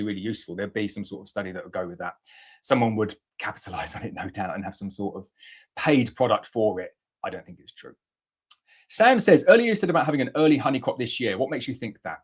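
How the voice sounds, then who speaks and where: A man's voice: medium pitch, husky. A man hosting a casual beekeeping question-and-answer show, blunt and chatty, with playful mock examples. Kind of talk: casual live Q&A.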